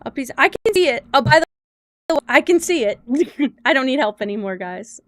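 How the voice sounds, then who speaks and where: A woman's voice: high-pitched, lively intonation, moderate pace, dry recording. A woman live-streaming who talks to her chat in a flustered, joking way and swears now and then. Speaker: livestreamer.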